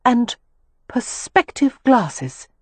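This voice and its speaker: Narrator doing a reserved, skeptical young lady companion; raised, husky, close and dry. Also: medium pitch, big pitch swings, drawn-out words, dry recording, pitched above the performer's own voice, exaggerated voice. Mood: earnest. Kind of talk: audiobook character reading.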